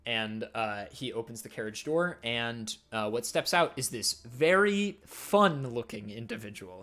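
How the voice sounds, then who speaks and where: A man's voice: medium pitch, sharp tone. A man narrating as game master of a tabletop game, casual and descriptive with many fillers.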